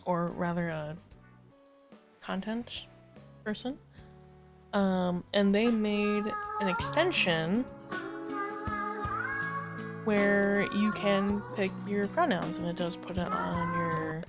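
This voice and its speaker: Slow, easygoing woman streamer chatting. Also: mid-range voice, over loud music. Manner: easygoing, rambling, many fillers. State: lowered morning voice. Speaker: livestream gamer host. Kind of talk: casual chat while playing a game.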